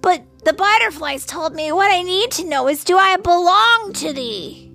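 A woman voicing a brand new young male turtle who asks earnest, wondering questions in a high, slow voice. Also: expressive, a bit bright, faint music behind, exaggerated voice.

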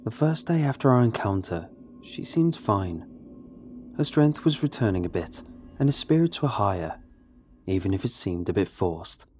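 A man narrating a first-person horror story in a somber, measured, grave way. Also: lowish voice, big pitch swings, darkish tone, soft background music.

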